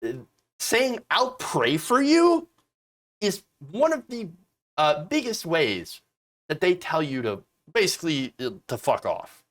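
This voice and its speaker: A man hosts casual political commentary. His delivery is sarcastic and full of mockery. His pitch swings widely as he talks. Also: big pitch swings, a little slow. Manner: sarcastic, mocking voices of opponents.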